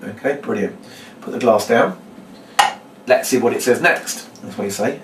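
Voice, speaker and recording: A man's voice: steady tone, normal speed, slight background noise. Man teaching a magic trick. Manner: explains step by step, then acts out his patter in a bright, higher voice. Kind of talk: demonstration lesson. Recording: echoey room, mic at a distance.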